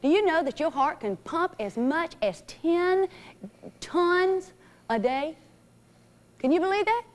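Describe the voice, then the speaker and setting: Upbeat high-voiced woman coaching kids. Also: lively intonation, takes it slowly. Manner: encouraging, calls out names and commands. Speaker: physical education teacher. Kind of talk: coaching a children's fitness class.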